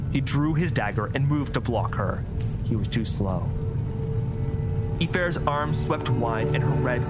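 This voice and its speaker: A man narrates a fantasy story in a steady, scripted delivery. His voice sits in an ordinary middle pitch. Music plays clearly beneath him throughout.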